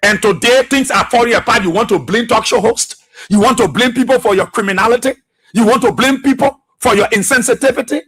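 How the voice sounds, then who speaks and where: A man's voice: very high-pitched, brisk, fairly bright tone, slightly rough. A man with a Liberian English accent hosting a political talk radio show, firing accusing rhetorical questions with mounting fervor. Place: radio studio.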